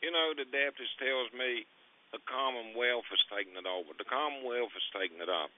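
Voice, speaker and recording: A man's voice: mid-range voice, a little fast. An older man calling in by phone, rambling through a coarse, heated grievance. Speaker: caller. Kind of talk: phone-in storytelling. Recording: tinny phone line.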